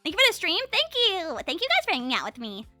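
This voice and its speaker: A young woman streamer chatting casually with her live chat, talking very fast and bubbly. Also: extremely high pitch, wildly swooping pitch, sharp tone, no room sound, soft background music.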